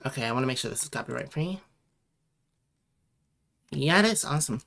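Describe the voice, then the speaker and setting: A woman's voice: extremely low pitch, expressive, a little fast, creaky, a bit bright, faint music behind. A young woman from Connecticut chatting casually on a late-night drawing livestream, rambling and answering viewers as she reads their messages aloud. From Connecticut, USA.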